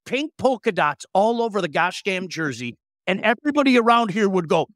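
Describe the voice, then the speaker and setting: A middle-aged man co-hosting a sports talk show, in animated, joking casual chat with frequent restarts. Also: sits high, a little fast, no echo, clean studio sound.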